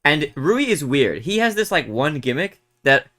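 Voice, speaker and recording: A young man, a streamer casually chatting and retelling a reality show in a rambling, animated way with lots of fillers. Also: on the high side, normal speed. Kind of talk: casual chat while gaming.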